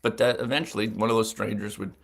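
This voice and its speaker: A man's voice: on the low side, fairly even intonation, fast talker, vocal fry, fairly bright tone. A man in his sixties, a veteran sportswriter, telling stories in a casual interview and acting out the voices of people he quotes.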